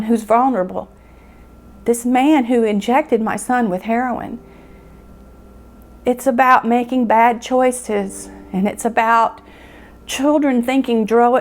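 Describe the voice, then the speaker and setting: A middle-aged woman telling of losing her son, halting and emotional, pausing often as she speaks. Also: on the high side. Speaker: bereaved mother. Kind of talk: personal testimony interview.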